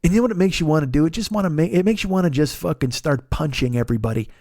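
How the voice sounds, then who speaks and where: A man's voice: fairly high pitch, animated, racing, a little mellow, dry recording, clean studio sound. A man in his forties hosting a podcast, delivering a profane, exasperated comedic rant. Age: 40s. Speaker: podcast host.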